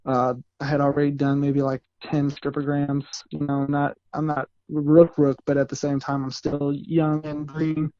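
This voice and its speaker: A man's voice: on the high side, monotone, normal speed, few pauses, mellow, dry recording, highs cut off. A man, a male dancer, telling a story in a casual, rambling way and correcting himself as he goes. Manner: rambling, self-correcting, laughs while telling.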